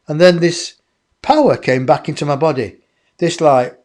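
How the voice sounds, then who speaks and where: Guy telling a story, slightly high voice, keeps doing other people's voices. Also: normal speed. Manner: animated, acts out others' voices. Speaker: interview guest. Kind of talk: personal storytelling in conversation.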